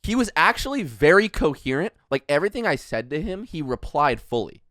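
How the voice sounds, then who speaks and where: A man hosting a podcast, telling a story in a casual, animated way, with swearing, as he acts out what people said. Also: a little high, brisk, no echo, clean studio sound. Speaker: podcast host.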